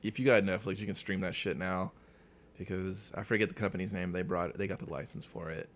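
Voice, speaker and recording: A man's voice: sits low, fairly even intonation, quick pace, a little hiss or hum. A man co-hosting a comic book podcast, joking crudely and laughing often. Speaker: podcast co-host. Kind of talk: casual chat.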